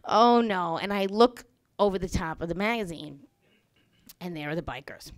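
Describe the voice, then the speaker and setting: A woman telling a comic personal story on a small bar stage, animated and wry, with lots of "you know" fillers. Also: fairly low pitch, normal speed. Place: small bar stage before a live audience.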